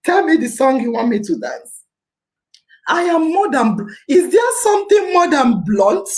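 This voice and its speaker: Impassioned Nigerian woman, high, animated voice. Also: measured pace, roomy sound, poor audio. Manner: preachy, repeats phrases for emphasis, mixes in Pidgin. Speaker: podcast host. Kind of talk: impassioned civic talk.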